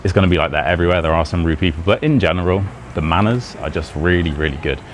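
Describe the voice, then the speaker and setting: A man's voice: deep voice, fast. A British man talking casually to camera in a chatty, rambling way, laughing often as he teaches about his country. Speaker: British English teacher and YouTuber. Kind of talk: casual vlog talk. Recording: outdoor street noise behind.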